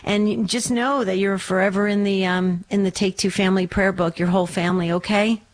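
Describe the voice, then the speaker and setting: Gentle, encouraging woman radio host. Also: medium pitch, fairly even intonation, fairly quick. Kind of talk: call-in radio hosting.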